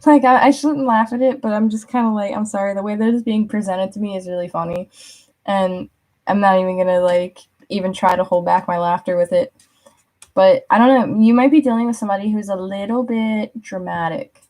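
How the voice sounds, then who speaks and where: A woman's voice: medium pitch, fairly even intonation, brisk, darkish tone. Chatty young woman giving a reading. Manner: chatty, lots of "like", laughs often, acts out quotes. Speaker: tarot reader. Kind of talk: casual spoken reading.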